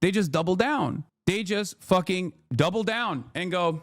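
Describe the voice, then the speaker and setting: A man's voice: sits high, normal speed, hardly any pauses, a bit bright, no room sound. A man, ranting and swearing as he comments on a livestream. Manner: heated, ranting, swears often. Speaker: streamer.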